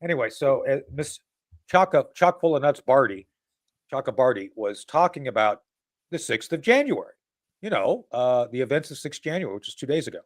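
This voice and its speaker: A man's voice: mid-range voice, big pitch swings, brisk. A man hosting a casual political talk show. He rambles and mocks, with many restarts and asides.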